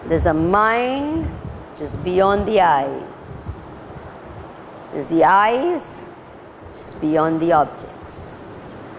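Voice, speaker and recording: A woman's voice: lowish voice, very animated, drawn-out words, pauses often. A woman with an Indian accent giving a spiritual lecture in a hall, questioning her listeners and slipping Hindi into English. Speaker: spiritual teacher. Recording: hall reverb, faint ambient noise.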